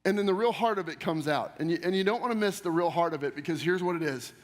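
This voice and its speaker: A man's voice: high-pitched, fast talker. A middle-aged man preaching a sermon as pastor, talking conversationally with joking asides and rhetorical questions to the congregation. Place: church sanctuary. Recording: long reverb of a church hall.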